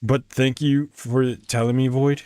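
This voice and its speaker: A man streams a life-sim game with casual let's-play commentary, rambling as he muses aloud and stumbles over words while trying out pronunciations. His medium-pitched voice is level, warm and clean, and he speaks a little slowly. There is no echo.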